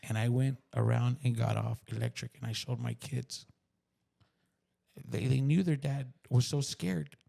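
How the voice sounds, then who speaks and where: A man with a South Texas accent telling an emotional personal story on a podcast, raw and profane, dropping to hushed whispers and then bursting out loud. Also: mid-range voice, fairly even intonation, measured pace, creaky. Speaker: podcast guest.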